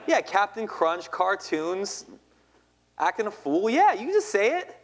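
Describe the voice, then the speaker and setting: A man's voice: sits high, huge pitch swings, measured pace. A man in his thirties giving a playful storytelling talk as a poet, often quizzing his audience. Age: 30s. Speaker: poet and speaker. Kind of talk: spoken-word storytelling talk.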